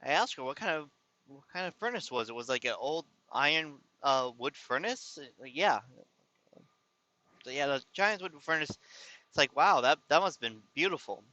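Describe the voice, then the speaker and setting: A man's voice: fairly high pitch, animated, normal speed, long pauses, sharp tone, dry recording, dull audio. A man telling a personal story to his viewers in a casual, rambling way, often exasperated and restarting his sentences. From California. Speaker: vlogger.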